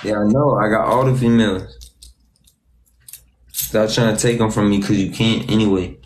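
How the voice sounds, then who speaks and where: A man's voice: on the low side, fairly even intonation, normal speed. A man hosting a casual livestream, slangy and teasing as he chats with his guest. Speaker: livestream host. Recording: echoey room with faint noise.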